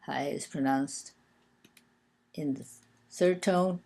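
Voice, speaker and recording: A woman teaching a language lesson, explaining written characters one by one in a patient, hesitant way with frequent pauses and filler sounds. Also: low-pitched, vocal fry, mellow.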